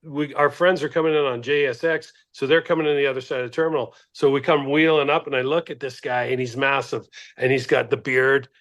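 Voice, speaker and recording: A man's voice: mid-range voice, fairly even intonation, a little fast, hardly any pauses, a bit bright. Middle-aged man rambling through a story. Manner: meandering, self-interrupting anecdote teller. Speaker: podcast co-host. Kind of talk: casual podcast chat.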